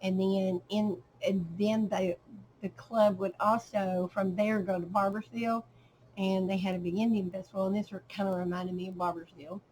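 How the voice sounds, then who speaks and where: A middle-aged woman talks through her handmade journal page by page in a casual, unhurried way, often pausing with an um or letting her sentences trail off. Her voice sits at an ordinary mid pitch. A faint ambient hiss is audible behind her. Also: steady tone, a little mellow, rough recording. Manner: unhurried, with frequent ums and trailing pauses. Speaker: crafter showing a handmade journal. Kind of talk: casual show-and-tell narration.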